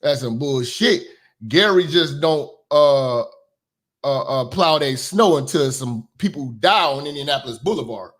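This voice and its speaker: A man doing profane reaction commentary in an animated, ranting manner. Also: fairly high pitch. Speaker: commentary streamer.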